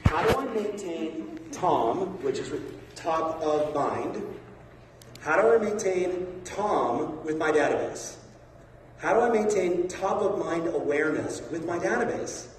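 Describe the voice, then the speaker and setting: Man, sales coach on stage, raised voice, punchy and coaxing, caught from far back in a booming hall. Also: a little hiss or hum. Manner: energetic, rapid, coaxing the audience. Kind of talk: motivational seminar talk. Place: large conference hall. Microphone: far from a phone camera in the audience. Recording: echoey hall recorded from far off.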